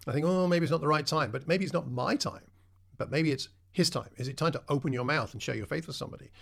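A man's voice: a little high, quick pace, creaky, fairly bright tone. A man preaching a sermon in a conversational way, putting questions to his listeners.

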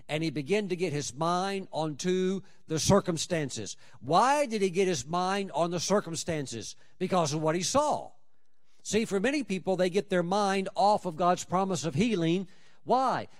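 A man preaching a sermon, emphatic, with dramatic swings in loudness and pitch. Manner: acts out prayers and scripture in quoted voices.

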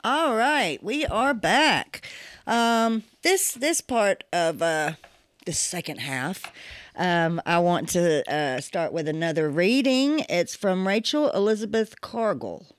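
A woman's voice: fairly low pitch, expressive, takes it slowly, clear, resonant tone, dry recording, studio quality. A woman in her forties hosting a personal podcast monologue, speaking candidly and emphatically with casual swearing. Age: 40s. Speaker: podcast host.

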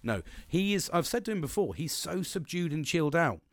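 A man's voice: fairly high pitch, big pitch swings, a little fast, no echo. A man in his thirties hosting a solo motivational podcast, talking energetically, rambling and swearing often. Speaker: podcast host.

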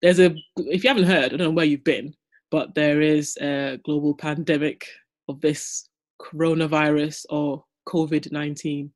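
A young woman co-hosting a casual podcast from home in London over a video call, chatty and quick to giggle. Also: low-pitched, steady tone, darkish tone. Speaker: podcast co-host.

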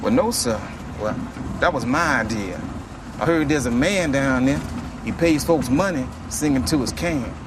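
An actor playing a soft-spoken young drifter guitarist with a Southern US drawl, in a film scene with loud outdoor noise behind him. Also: male voice, medium pitch, animated, normal speed, close to an everyday voice. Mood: calm, earnest.

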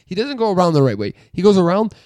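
A man's voice: sing-song, fast, no echo, studio quality. A man co-hosting a podcast, telling a story in a casual ranting way and swearing a lot. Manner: ranting, swears a lot, gets loud and high when worked up. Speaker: podcast co-host. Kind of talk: casual chat.

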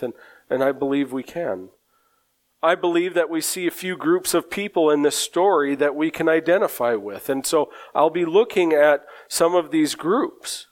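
A man preaching a sermon in a slow, earnest way, often repeating words as he gathers his thoughts. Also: fairly high pitch.

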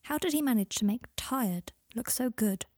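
A woman reading a story aloud in a calm, even storytelling manner. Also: fairly high pitch, normal speed, no room sound, clean studio sound. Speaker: audiobook reader. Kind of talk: scripted narration.

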